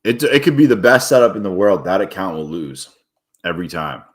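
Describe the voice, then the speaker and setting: A man's voice: low-pitched, very animated, a little fast. A man streaming his day trading live, talking viewers through chart moves in a casual, blunt way and swearing freely when a trade goes wrong.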